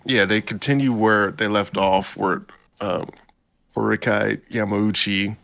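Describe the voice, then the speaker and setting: Low gravelly man recapping an anime. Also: a little slow. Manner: animated retelling, pitching up to quote characters; laid-back slangy delivery. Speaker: podcast host recapping an anime episode. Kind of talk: casual chat.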